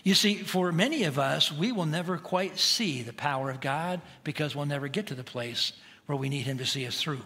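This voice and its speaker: A middle-aged man preaching in a church. His voice sits high and sounds bright and forceful, and he moves from quiet, intimate moments to loud, rousing shouts. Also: moderate pace. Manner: conversational preaching, swings from hushed to shouting. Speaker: pastor. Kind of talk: sermon. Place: church sanctuary.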